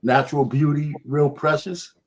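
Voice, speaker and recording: A man's voice: a little high, moderate pace. Easygoing man chatting on a panel. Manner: relaxed, rambling, laughs easily. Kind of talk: casual panel chat.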